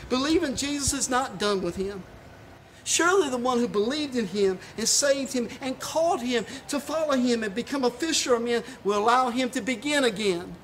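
An impassioned pastor preaching a sermon recorded for a church live stream. The delivery is emphatic, swinging between stirring highs and hushed, reverent lows, and the words often stumble into repeats. A faint hiss sits under the voice. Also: lively intonation, normal speed.

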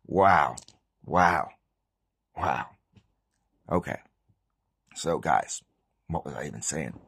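Gravelly, husky man, earnest and rambling. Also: deep voice, sing-song, unhurried, pauses often, no room sound. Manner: earnest, rambling, gets sidetracked; emotional swings from hushed to near shouting. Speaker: Christian vlogger. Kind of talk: informal religious exhortation to viewers.

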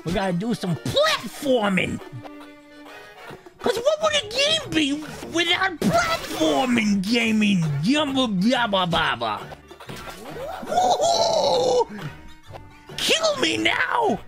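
A man doing a shrill, over-the-top parody voice of a despairing cartoon bobcat trapped inside a game. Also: wildly swooping pitch, slow pace, long pauses, over music, exaggerated voice. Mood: anguished.

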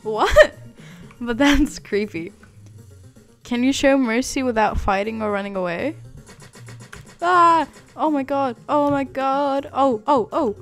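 A young woman giving excited, chatty commentary while streaming a video game for the first time. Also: sits high, slow pace, long pauses. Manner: excitable, exclaims and laughs a lot. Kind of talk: casual live gameplay commentary. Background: faint game music.

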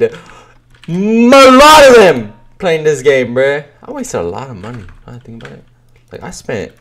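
Excitable young man shouting gameplay commentary. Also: high-pitched, slight background noise. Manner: excitable, cursing, bursts into shouts and laughter. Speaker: gaming YouTuber.

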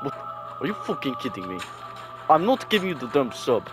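A man voicing a rude foreign enemy leader in a game roleplay. He uses an exaggerated fake Russian accent and a slow, heavy delivery. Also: mid-range voice, big pitch swings, over music, natural voice. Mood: scornful.

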